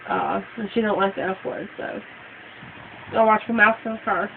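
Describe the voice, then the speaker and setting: A woman's voice: mid-range voice, fairly even intonation, moderate pace, gravelly. A young adult woman in a casual vlog rant, blunt and outspoken, rambling with fillers as she swears freely. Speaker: vlogger. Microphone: phone. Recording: tinny phone-like audio, faint hiss.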